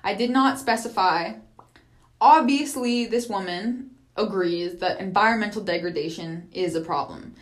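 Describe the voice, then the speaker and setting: A woman's voice: mid-range voice, normal speed. A woman hosting a podcast in a casual monologue, chatty and profane, laughing often between thoughts. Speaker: podcast host.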